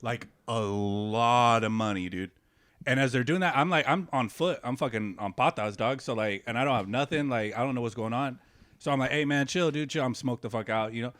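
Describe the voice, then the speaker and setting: A man co-hosting a comedy podcast, telling a story in animated street slang and laughing as he goes. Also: medium pitch, fairly quick, dry recording. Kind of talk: casual storytelling. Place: podcast studio.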